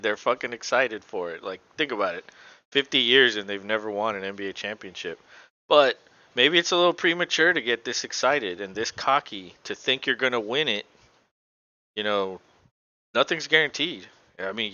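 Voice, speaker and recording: Casual podcast co-host, man, rambling fan-style commentary, bright tone, dry lo-fi sound. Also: mid-range voice, no echo. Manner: casual, swearing, rambling with fillers. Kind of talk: casual live play-by-play commentary.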